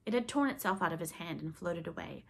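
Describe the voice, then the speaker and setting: A woman reading a classic children's novel aloud in a gentle, measured storytelling voice. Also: lowish voice, animated, vocal fry, slight background noise. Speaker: storybook reader. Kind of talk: audiobook narration.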